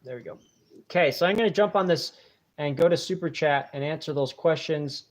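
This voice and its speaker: A man's voice: fairly high pitch, fairly quick. Rambling, grateful man hosting a live stream. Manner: rambling, hesitant with many fillers and restarts; warm and grateful toward viewers. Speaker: channel host reading viewer donations. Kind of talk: casual live-stream chat.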